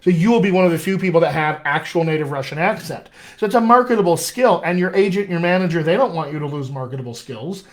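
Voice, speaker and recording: A man's voice: on the high side, quick pace, hardly any pauses. A man working as a dialect coach, answering viewer questions in a casual live session, upbeat and encouraging. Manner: upbeat, encouraging, chatty with restarts. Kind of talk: live-streamed Q&A, casual teaching.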